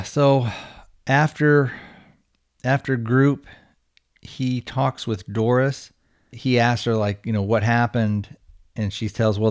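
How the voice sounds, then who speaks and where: A man's voice: on the low side, a little mellow. A man hosting a podcast, casually retelling a film's plot, rambling with lots of fillers and restarts. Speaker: podcast host. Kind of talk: casual movie plot recap.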